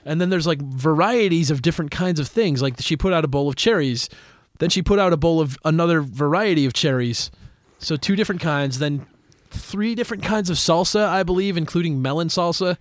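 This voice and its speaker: Fast-talking joking man. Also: fairly high pitch, no room sound, clean studio sound. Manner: joking, storytelling. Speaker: band member on podcast. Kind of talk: casual chat.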